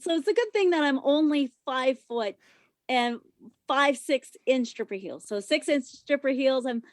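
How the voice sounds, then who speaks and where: A young adult woman, a podcast guest, telling a story casually in an animated, profane way, loud when she quotes herself. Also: high voice, normal speed, no room sound, clean studio sound. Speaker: podcast guest, former stripper.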